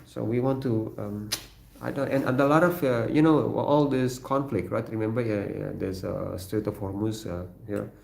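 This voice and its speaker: A man from Indonesia with an Indonesian accent, hosting a casual livestream from his kitchen, answering viewer comments in a halting way with many fillers and frequent chuckles. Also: lowish voice, fairly even intonation, vocal fry, a little mellow, a little hiss or hum. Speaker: livestream host. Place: home kitchen. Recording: roomy echo.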